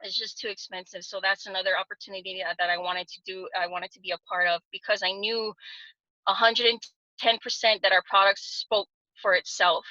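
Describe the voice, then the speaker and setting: A woman's voice: medium pitch, level tone, fairly quick, pushed and bright, no echo. Earnest woman on a dull video call. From Hawaii. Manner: earnest, many fillers and restarts. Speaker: guest giving a testimonial on a video call. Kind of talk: casual personal story.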